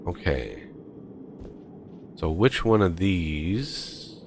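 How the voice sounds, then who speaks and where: Deep-voiced, slow-paced male game streamer, casual, thinking out loud. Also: animated, background noise. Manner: thinks aloud, counts off steps while building. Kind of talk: casual multiplayer gameplay chat.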